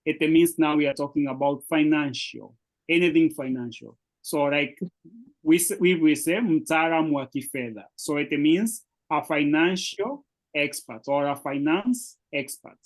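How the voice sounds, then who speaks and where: A man's voice: fairly high pitch, poor audio. Patient Kenyan man teaching Swahili. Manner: encouraging, explains slowly with many fillers. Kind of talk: patient one-on-one language lesson.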